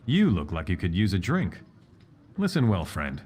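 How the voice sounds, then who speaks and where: A man voicing a townsman in a fantasy video game, giving warnings about local dangers in a measured, grave way. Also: low voice, huge pitch swings, a little mellow, a little hiss or hum.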